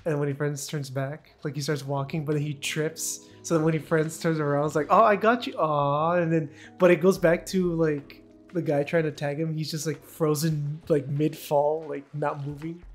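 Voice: medium pitch, normal speed, hardly any pauses, soft background music. A person watching a video game and chatting casually, telling funny stories with lots of giggling. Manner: giggly, animated storyteller. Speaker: gaming co-host. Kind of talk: casual chat.

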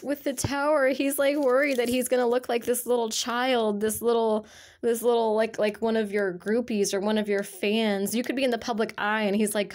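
A woman's voice: on the high side, normal speed. A woman giving a casual tarot reading to her viewers, talking in a rambling, chatty way full of fillers. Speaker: tarot reader.

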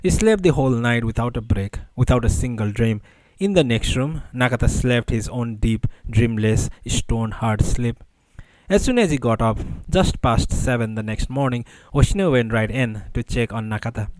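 A man narrating an audiobook in a measured, even storytelling voice. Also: mid-range voice, dry recording, low-quality recording.

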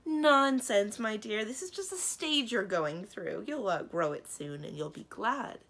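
A woman voicing a fussy, bossy fairy godmother who brushes things off briskly. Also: mid-range voice, animated, a bit bright, pitched above the performer's own voice. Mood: dismissive. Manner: brisk and dismissive.

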